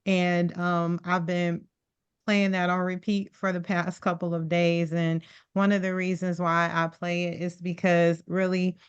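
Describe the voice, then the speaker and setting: Low, flat-voiced woman on muffled call audio. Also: a little slow, smooth. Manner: earnest, reflective, faith-centered. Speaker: workshop participant from a nonprofit. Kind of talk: sharing in an online workshop. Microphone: video call.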